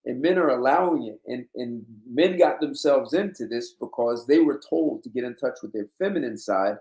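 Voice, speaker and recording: A man's voice: medium pitch, expressive, moderate pace, a little mellow. Blunt lecturing man, roomy echo. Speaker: host. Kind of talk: casual monologue.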